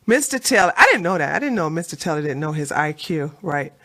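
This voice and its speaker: Bright, taunting woman commentator. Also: sits low, very animated, quick pace. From Washington, D.C. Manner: taunting, blunt and scornful. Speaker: commentary video host. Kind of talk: mocking political commentary.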